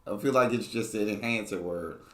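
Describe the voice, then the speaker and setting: A man's voice: lowish voice, a little fast, a bit bright, reverberant. An American man hosting a reaction video, with laid-back commentary and laughing asides. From United States. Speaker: reaction channel host.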